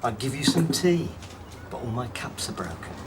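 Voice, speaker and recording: A man's voice: mid-range voice, sing-song, moderate pace, distant mic, background noise, lightly acted. An actor playing a stubborn, suspicious male homeowner in a 1990 TV police drama. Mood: grumbling. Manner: grumbling, suspicious.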